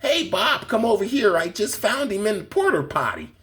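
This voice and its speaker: A man's voice: sits high, sing-song, normal speed, pushed and bright, voice pushed up, full character voice. A man mimicking a police officer calling to a colleague, in a raised, mocking tone.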